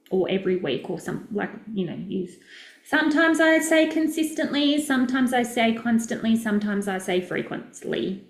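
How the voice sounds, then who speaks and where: A woman's voice: mid-range voice, normal speed. Upbeat aussie lady coaching live, direct and chatty, bit of room echo. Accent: Australian. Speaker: business coach. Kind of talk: casual live-stream teaching.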